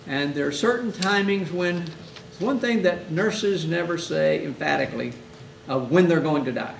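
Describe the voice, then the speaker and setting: A man with a high-pitched, gravelly voice teaches hospital chaplains in a conversational lecture, animating his stories by acting out families' words. He is recorded from a distance in an echoey room with a faint hiss underneath. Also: moderate pace.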